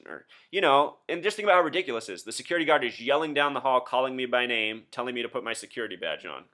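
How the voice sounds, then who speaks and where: A man in his thirties with a bright, forceful voice talks straight to his viewers. He is insistent and keeps throwing rhetorical questions at them, in the manner of a solo commentary video. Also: medium pitch, fast talker, hardly any pauses. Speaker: video host.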